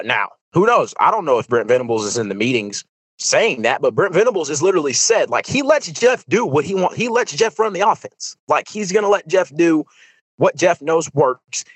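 A man's voice: a little high, slightly rough, no echo, poor audio. Chatty young man talking football. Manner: animated, rambling, lots of fillers and restarts. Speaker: podcast host. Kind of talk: casual sports commentary monologue.

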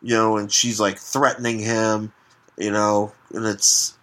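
A man's voice: on the low side, little pitch movement, a little slow, a bit bright. A man co-hosting a podcast, chatting casually about comics, rambling with lots of fillers and casual swearing. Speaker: podcast co-host. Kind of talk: casual comic-book chat.

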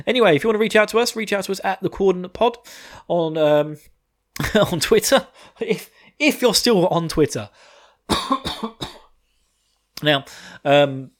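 A man hosting a podcast, casually recapping an anime episode, rambling, laughing often and swearing freely. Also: fairly high pitch. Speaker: podcast host.

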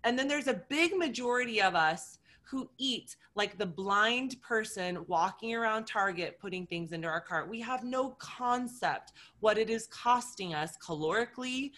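Woman, nutrition coach, bright clear voice, animated storytelling, acts out voices. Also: medium pitch. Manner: vivid, acts out scenarios with quoted inner voices.

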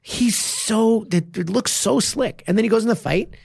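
The man's high voice is creaky with a breathy edge, recorded dry and clean in a studio. Casual and animated, this martial arts coach and podcast co-host swears without restraint and brings quick flashes of enthusiasm.

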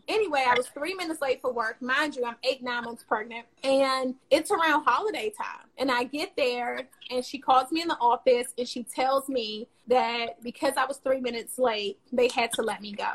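A woman's voice: on the high side, normal speed, hardly any pauses, a bit bright, poor audio. A woman being interviewed, telling a personal story in conversation, emphatic and candid, repeating phrases for emphasis and swearing casually. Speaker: interview guest, entrepreneur.

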